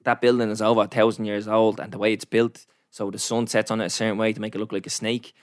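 Fast-talking Irish man telling a story. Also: lowish voice, dry recording, studio quality. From Ireland. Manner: animated anecdote-telling, slangy and sweary. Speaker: storyteller in a chat. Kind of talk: casual chat.

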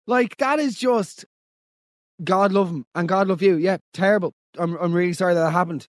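An Irish man hosting a comedy podcast, talking in animated, incredulous and profane banter. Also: sits high, normal speed, dry recording, clean studio sound. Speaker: podcast host. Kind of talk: casual comedic monologue.

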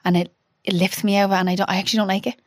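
A woman in her thirties, a podcast guest telling an emotional personal story. She talks haltingly, with restarts and quoted dialogue. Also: mid-range voice, little pitch movement, dry recording, clean studio sound.

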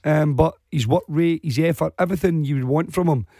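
A hoarse man with a Glaswegian accent, talking football as a pundit on a radio phone-in. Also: fairly high pitch, a little fast, warm tone, dry recording, studio quality. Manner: chatty, rambling, many fillers.

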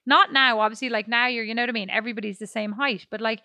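A woman's voice: fairly high pitch, steady tone, fast talker, bright, forceful tone, no room sound, clean studio sound. A woman co-hosting a podcast, chatting casually in a rambling, self-deprecating way and swearing freely. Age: adult. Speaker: podcast co-host. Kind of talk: casual chat.

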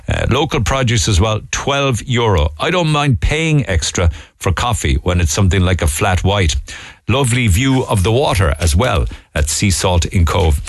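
A middle-aged man with a Cork accent hosts a radio phone-in. His low voice rises and falls with lively swings, and he keeps it chatty as he reads listener texts. The studio sound is dry and close. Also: dry recording. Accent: Irish, Cork. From Ireland. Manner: chatty, conversational, reading lists with asides. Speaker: radio show host.

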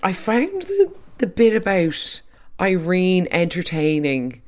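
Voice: mid-range voice, huge pitch swings, slow pace, darkish tone. A speaker giving an opinionated, chatty recap of a soap episode, trailing off into asides.

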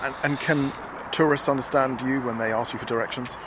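A man interviewing passers-by on a city street, asking quick questions. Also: mid-range voice, fairly even intonation, background noise. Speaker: reporter.

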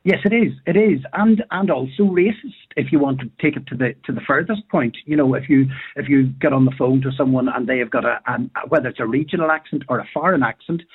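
Husky Northern Irish man on a radio line. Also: medium pitch, quick pace, few pauses, narrow, tinny audio. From Northern Ireland. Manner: thoughtful, hesitant, many fillers. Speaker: radio guest, drama tutor. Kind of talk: radio discussion.

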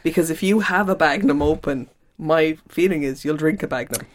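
A woman's voice: deep voice, moderate pace. A woman hosting a radio show, chatting casually with quizzical asides.

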